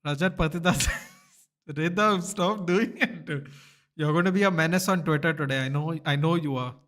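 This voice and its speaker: A man hosting a live cricket watchalong, reacting excitedly and shouting at big moments with slangy asides. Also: on the high side, normal speed. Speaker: watchalong host.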